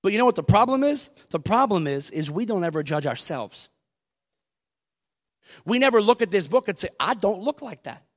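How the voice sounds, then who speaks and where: A man in his thirties with a high voice preaches to his congregation in a conversational way. He quotes scripture and asks the people questions as he goes. His voice rings out through a long-echoing church hall. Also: very animated, moderate pace, pauses often. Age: 30s. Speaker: pastor. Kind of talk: sermon. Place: church sanctuary.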